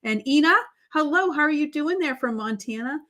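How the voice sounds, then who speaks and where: A woman's voice: sits high, expressive, normal speed, fairly bright tone. Chatty woman hosting a craft livestream. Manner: chatty, greets viewers by name, many fillers and restarts. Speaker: livestream host. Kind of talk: casual live-stream chat.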